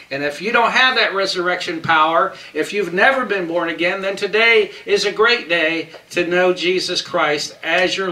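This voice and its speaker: A man preaching a sermon in a slow, emphatic way, stretching out key phrases. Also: high-pitched, sharp tone, roomy sound, far from the mic, rough recording.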